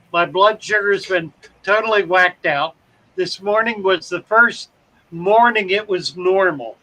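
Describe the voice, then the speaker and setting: A man's voice: high voice, bright, forceful tone, low-quality recording. A man hosting a casual livestream, greeting viewers by name and rambling with self-deprecating jokes. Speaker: livestream host. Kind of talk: casual chat reading viewer comments.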